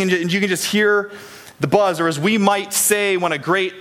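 A man's voice: sits high, moderate pace, fairly bright tone. A man preaching a chatty sermon to a church congregation, often asking them questions. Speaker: pastor. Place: church in Des Moines, Iowa.

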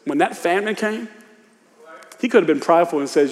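A man preaching a sermon in loose, casual speech, dropping to a hush and rising to shouts. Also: high-pitched, lively intonation, fairly quick. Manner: swings from hushed confession to shouted exhortation; informal Southern-tinged preacher speech, "y'all" and "ain't". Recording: long hall reverb.

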